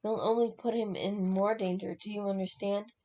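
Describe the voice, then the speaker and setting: A stern, protective older woman from a storybook who speaks in urgent whispers, as a female reader voices her. The voice is gravelly and mellow, and the recording is dull and lo-fi. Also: mid-range voice, steady tone, moderate pace, natural voice.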